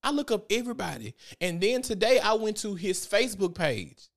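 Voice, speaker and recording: A man giving casual commentary on a vlog, animated and profane as he tells a story. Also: sits high, fairly quick. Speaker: vlogger.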